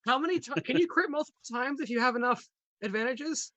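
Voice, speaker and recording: Fast-talking bright man player. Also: extremely high pitch, no echo. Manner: quick rules questions, curse words. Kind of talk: casual tabletop chat.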